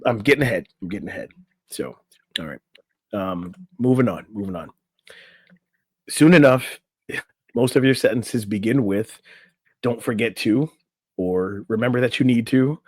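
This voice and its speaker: A man's voice: lowish voice, expressive, moderate pace, long pauses, slightly rough, dry recording. Chatty male coach on a dry mic. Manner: loose and chatty, reads from an article with asides. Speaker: podcast co-host, relationship coach. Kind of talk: casual podcast chat. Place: in a room on camera.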